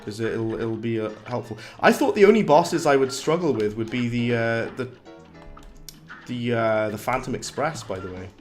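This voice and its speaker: Slightly hoarse man streaming a game. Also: mid-range voice, lively intonation, normal speed, soft background music. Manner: chatty, reads chat aloud, laughs often. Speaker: livestreaming gamer. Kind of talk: casual live-stream commentary.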